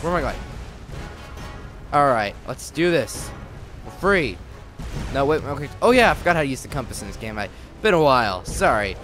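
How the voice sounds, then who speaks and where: A man hosting a let's play, excitable and joking, talking back at the game's characters as he plays. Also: mid-range voice, normal speed, long pauses, faint music behind. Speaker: gaming channel host.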